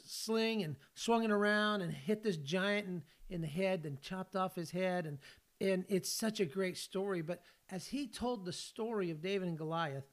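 A man in his sixties from California hosts a faith podcast, telling personal stories in an earnest, folksy way. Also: sits high. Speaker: podcast host and ministry leader.

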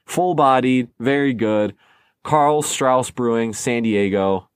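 A man's voice: mid-range voice, takes it slowly, clean tone, no echo, clean studio sound. A man co-hosting a casual beer podcast, joking around and stumbling over names as he reads them. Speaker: podcast co-host. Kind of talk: casual chat. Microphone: close microphone.

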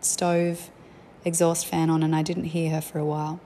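A young mother chats candidly about family life, her stories reflective and casual. Her voice is deep and warm, delivered flatly at a normal speed, with slight background noise.

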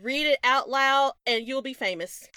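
A woman's voice: high-pitched, a little slow, pushed and bright, smooth, no room sound. Giggly Southern woman podcast host. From American South. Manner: giggly, chatty, laughs often. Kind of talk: casual chat.

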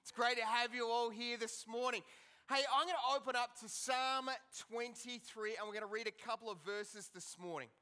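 A man's voice: very high voice, fairly even intonation, moderate pace, sharp tone, smooth. A man preaching a sermon to his congregation in church, earnest and asking the people questions, often repeating words. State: limping after an accident. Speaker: pastor. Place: church hall.

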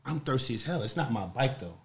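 Fast-talking New York man telling stories. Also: medium pitch, creaky. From Harlem, New York. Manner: animated, profane, rambling storyteller. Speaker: podcast guest. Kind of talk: casual storytelling chat.

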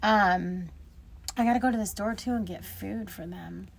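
A middle-aged woman co-hosting a casual podcast, telling animated stories and acting out her own quoted lines. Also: mid-range voice, normal speed, gravelly, breathy edge. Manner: animated storyteller acting out quotes, laughing often. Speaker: podcast co-host. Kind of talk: casual chat.

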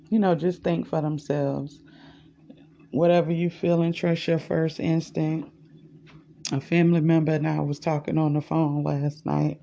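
On a muffled recording, a woman's low, creaky, dark-toned voice is heard. She hosts a podcast, chatting casually and rambling straight to her audience in a laid-back spiritual monologue.

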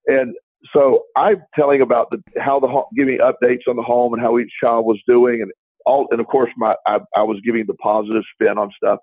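A man's voice: mid-range voice, flat delivery, brisk, husky, no room sound. A man co-hosting a talk show, telling a long story in a casual, rambling way, with many restarts and quoted dialogue. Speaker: podcast co-host. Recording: dry, tinny phone-like line.

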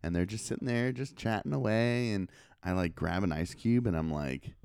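A man's voice: on the low side, normal speed, creaky, clean tone, dry recording, clean studio sound. A man in his thirties co-hosting a podcast, telling stories in casual chat and acting out the voices in them. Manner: animated storyteller, acts out voices. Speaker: podcast co-host.

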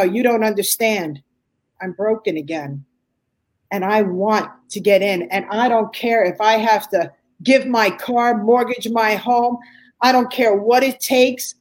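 An older woman recounts a personal story with animated expression. Her voice sits fairly high, and she acts out quoted lines with sudden leaps in pitch. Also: low-quality recording. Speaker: guest telling her story. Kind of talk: emotional personal testimony.

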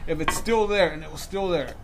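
A young man with a rather high voice tells a rambling story to his friends, loaded with swearing and slang like dog and bro. It is a loose, casual group chat. A steady hum of room noise sits under him. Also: fairly quick.

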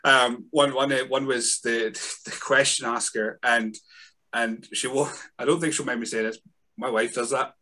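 Man, bright tone, halting casual talker. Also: mid-range voice, fairly even intonation. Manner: halting, many restarts. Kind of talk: casual chat.

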